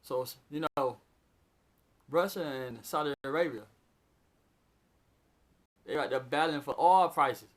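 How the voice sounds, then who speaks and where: A man reading news headlines aloud in a casual, unedited video, breaking off to riff on them with animated asides. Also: a little high, slow, pauses often. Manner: reads news items aloud, then riffs on them excitedly. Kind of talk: casual unscripted commentary.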